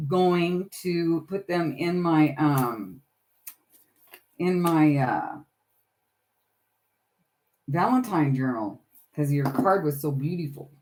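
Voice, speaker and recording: Low-voiced middle-aged lady chatting on a craft livestream, greets viewers, rambly and friendly. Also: darkish tone. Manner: chatty, talks to viewers by name while gluing journal pages. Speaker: livestream host. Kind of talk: casual crafting livestream chat.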